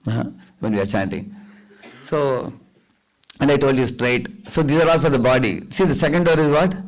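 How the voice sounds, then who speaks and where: Man, devotional lecture, instructive, checks in with the audience, mid-pitched voice. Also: poor audio. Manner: instructive, asks the audience for agreement, chants the mantra aloud to demonstrate. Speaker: visiting preacher. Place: temple hall.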